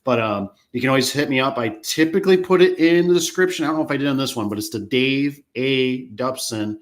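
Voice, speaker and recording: A man in a relaxed, casual live stream chat. He talks in an easygoing, self-deprecating way and often restarts and repeats his words. His voice sits at a middling pitch. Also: fairly quick. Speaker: host of a business live stream.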